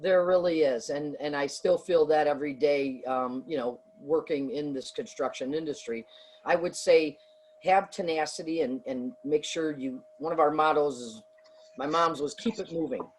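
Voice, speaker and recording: A middle-aged woman with a husky, breathy voice answers interview questions. She talks earnestly and rambles, restarting her sentences and filling pauses with "um" and "you know". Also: sits low, rough recording. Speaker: business owner interviewed as guest. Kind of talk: conversational interview.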